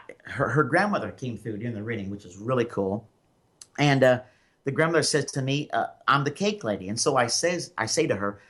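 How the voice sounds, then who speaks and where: A man's voice: mid-range voice, fairly bright tone. A man from Memphis with a Southern accent, hosting a call-in radio show as a psychic medium and telling stories in a rambling way with many fillers. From Memphis, Tennessee.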